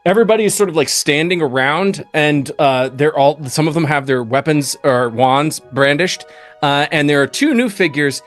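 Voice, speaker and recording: A man running a tabletop game as dungeon master, narrating with frequent pauses and fillers. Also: a little high, a bit bright, faint music behind. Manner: halting, many fillers.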